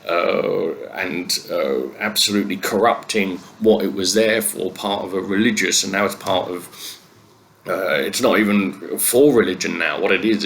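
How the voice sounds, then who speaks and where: Gravelly man ranting sardonically. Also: low voice, fairly bright tone, a little hiss or hum. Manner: sweary, sardonic ranting with many fillers. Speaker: comedian. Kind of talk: comedic news commentary.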